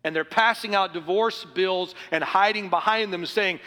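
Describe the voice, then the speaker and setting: A middle-aged man preaching a sermon as pastor, earnest and rising to forceful emphasis. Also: sits high, moderate pace, few pauses, big-room sound. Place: church sanctuary.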